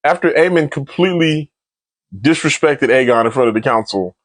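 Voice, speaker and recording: A man's voice: mid-range voice, moderate pace, dry recording. A man runs through a TV episode recap in loose, slangy talk, full of energy. His voice sits in a mid range. The recording is dry and close, with no room sound. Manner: slangy, animated, laughs often. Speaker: TV episode reviewer. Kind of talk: casual spoiler recap.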